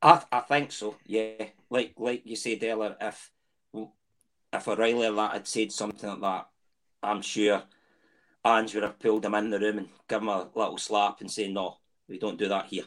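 A man's voice: lowish voice, level tone, normal speed, a bit bright. A Scottish man chatting on a football podcast, making his points with emphatic anecdotes. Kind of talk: casual chat.

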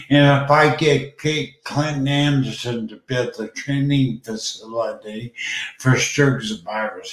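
A man of middling pitch hosts a casual chat, speaking with open gratitude and feeling. His voice rings in a roomy, echoing space. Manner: emotional, grateful, choked up. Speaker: host. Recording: echoey room.

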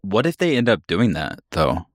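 A man's voice: fairly low pitch, very animated, dry recording, clean studio sound. A man co-hosting a podcast, chatting casually about a book with joking asides. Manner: joking interjections, quick asides. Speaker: podcast co-host.

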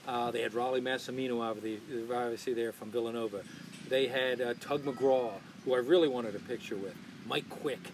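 A man telling sports stories in a casual chat, animated and acting out the people he quotes. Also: mid-range voice, fairly quick. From Philadelphia area. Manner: animated storyteller, acts out quotes. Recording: noisy background.

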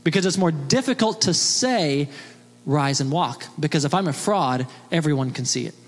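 A man's voice: on the high side, expressive, moderate pace. A man preaching a sermon as pastor, emphatic and fond of rhetorical questions. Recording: long reverb of a large hall.

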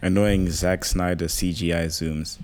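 A man's voice: sits low, fairly even intonation, a little slow, darkish tone. A man co-hosting a podcast in casual chat, playful and teasing. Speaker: podcast co-host.

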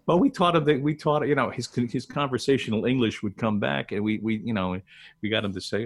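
An older man, a veteran broadcaster, is a guest on a casual podcast, telling stories that wander off track as he keeps restarting and laughing. His voice is lowish, animated, fairly quick and a bit bright.

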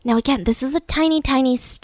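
A woman hosting a podcast, telling a true-crime story in a casual, animated way, full of "like" and "right?" asides. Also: high-pitched, quick pace, no room sound. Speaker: podcast host.

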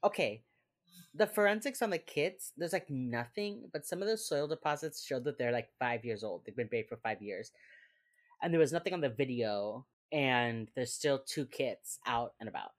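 Low-voiced chatty young woman. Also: lively intonation, moderate pace. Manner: chatty, lots of fillers, acts out quotes with laughs. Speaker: podcast co-host recapping a TV episode. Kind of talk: casual chat.

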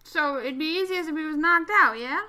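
Female player, high, sharp and bright, upbeat quick asides. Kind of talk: casual tabletop game play.

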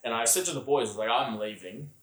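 Animated Australian man telling a story. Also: medium pitch, racing, reverberant. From Sydney, Australia. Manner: animated, full of "like" fillers, acts out quotes. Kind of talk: casual storytelling.

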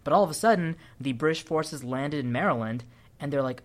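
Animated man telling a story. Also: a little high, fairly quick. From Sri Lankan family. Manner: animated storyteller, laughs often. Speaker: podcast host. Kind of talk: casual podcast chat.

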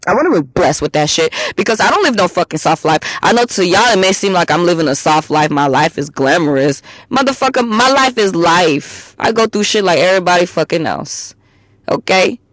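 A woman hosting a solo podcast, talking bluntly and emphatically with lots of swearing, swinging between loud outbursts and low asides. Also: animated, brisk, no room sound. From immigrant to the US. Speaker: podcast host.

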